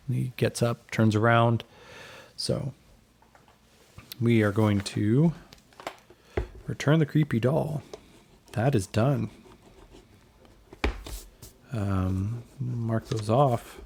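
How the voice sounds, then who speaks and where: A man narrating a solo tabletop role-play game, thinking aloud in a relaxed, musing way. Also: medium pitch, vocal fry, slightly rough.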